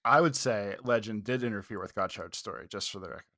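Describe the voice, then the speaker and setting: A man's voice: lowish voice, quick pace, pushed and bright, no room sound, clean studio sound. A man co-hosting a casual review podcast, joking and sarcastic at his own expense. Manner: joking, sarcastic, self-mocking. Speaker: podcast co-host.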